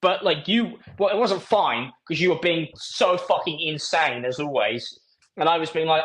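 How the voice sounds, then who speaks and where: A man's voice: on the high side, normal speed, a bit bright. A man arguing with his partner, pleading and repeating accusing questions, heard through a warped phone voice memo. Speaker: man in a played recording of an argument. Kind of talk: heated argument with a partner.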